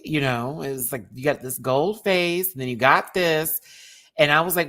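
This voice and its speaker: A drag show reviewer from Texas, speaking with a light Southern twang, rants animatedly in a casual video review and repeats words for emphasis. His voice sits on the high side, bright and forceful, at a moderate pace.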